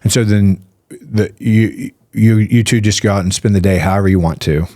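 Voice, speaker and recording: Deep-voiced man explaining, very dry sound. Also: moderate pace, no room sound. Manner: animated, piles up rhetorical questions and "right?" tags. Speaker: physician guest. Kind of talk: casual podcast explanation.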